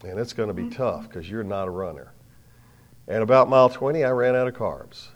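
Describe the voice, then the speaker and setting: A middle-aged man preaching a sermon, telling folksy stories with sudden loud bursts and quiet drops. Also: on the low side, fairly quick.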